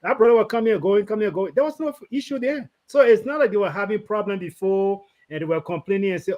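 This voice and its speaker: Fast, animated moderator. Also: male voice, sits high, dull audio. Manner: animated, teasing, repeats for emphasis. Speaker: show host, moderator. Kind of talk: casual panel discussion.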